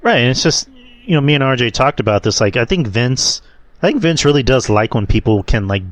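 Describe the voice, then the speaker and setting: A man's voice: mid-range voice, lively intonation, brisk. A man hosting a casual wrestling podcast, swearing freely and laughing as he tells stories. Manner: profane, storytelling, laughs at own anecdotes. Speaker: podcast host.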